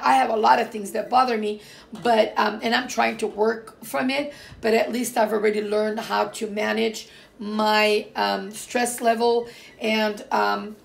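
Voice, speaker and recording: Middle-aged woman from Portugal, gravelly low fry, rambling casual vlog chat, emphatic with lots of fillers. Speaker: vlogger. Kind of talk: casual personal talk to viewers.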